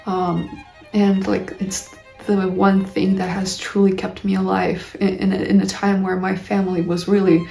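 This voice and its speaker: A woman's voice: mid-range voice, level tone, normal speed, vocal fry, mellow. A woman in her early twenties, an English teacher, candidly telling a personal story in an emotional, rambling way full of fillers. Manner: emotional, rambling, heavy use of "like". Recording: roomy echo with faint music behind.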